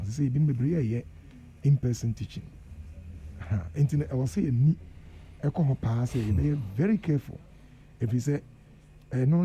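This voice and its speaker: Gravelly dark-voiced Ghanaian man. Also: mid-range voice, a little hiss or hum. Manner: earnest, mixes Twi and English, emphatic warnings. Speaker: guest professor. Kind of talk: radio panel discussion. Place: radio studio.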